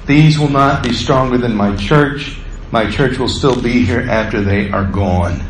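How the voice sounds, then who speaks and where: A man preaching a sermon as pastor, acting out quotes with rising pitch and volume. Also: a little slow, noisy background. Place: church sanctuary. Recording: echoey church room, faint ambience.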